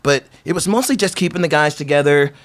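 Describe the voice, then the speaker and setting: A man in his fifties, a veteran skateboarder guest on a podcast, telling stories in a loose, animated way, acting out what people said and filling with "like". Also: fairly high pitch, quick pace. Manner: animated, acts out quoted voices, filler-heavy "like". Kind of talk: casual storytelling interview.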